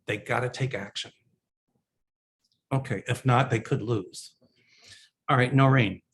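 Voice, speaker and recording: Chatty plain-spoken man, mid-pitched voice. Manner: chatty, plain-spoken, loose slangy phrasing; reads viewers' questions aloud, then answers in a reassuring predictive tone. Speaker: psychic answering viewer questions. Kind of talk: casual one-person video reading and answering questions.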